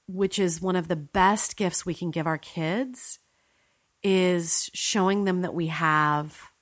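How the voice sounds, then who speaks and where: A woman in her forties, a life coach talking to listening mothers in an earnest, emphatic way, slowing down on key points. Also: lowish voice, a bit bright. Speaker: life coach and podcast host. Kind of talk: motivational solo talk to listeners.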